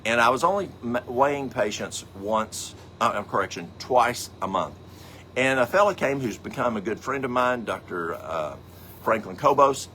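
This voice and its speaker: A man's voice: mid-range voice, expressive, normal speed, sharp tone, slight background noise. Folksy man teaching health habits. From American South. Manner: folksy, rambling, with asides and acted-out anecdotes. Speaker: health program host. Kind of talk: casual teaching talk.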